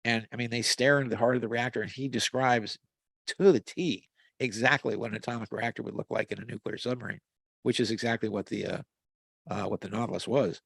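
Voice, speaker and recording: A man with a gravelly, fry-edged voice tells long rambling stories, full of restarts and fillers. He sounds close and dry, as if on a video call. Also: mid-range voice, fairly quick, a bit bright, no room sound. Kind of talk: casual conversational storytelling. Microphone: video call mic.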